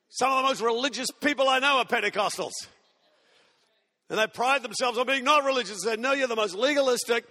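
An Australian pastor in his sixties preaches with jokes and playful whiny impressions. His voice sits high and sounds bright and forceful. It rings out with a long hall reverb. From Tasmania, Australia. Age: 60s. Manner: humorous storytelling preacher, mimics whiny kids. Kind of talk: sermon.

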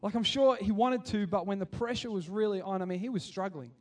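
A man's voice: high-pitched, brisk, distant mic, faint music behind. A man preaching a casual sermon at kids church, full of restarts, that builds to passionate appeals. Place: church hall.

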